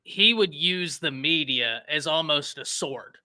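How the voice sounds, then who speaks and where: A man with a mix of Texan and New York accent, talking football in an animated, emphatic way. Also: a little high, a little slow. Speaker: co-host, football analyst. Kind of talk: casual sports talk.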